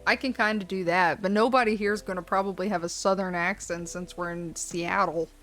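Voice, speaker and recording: A woman's voice: on the low side, steady tone, a little fast, a bit bright, faint music behind. A woman casually commenting while streaming a cozy game, rambling and self-deprecating. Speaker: let's play streamer.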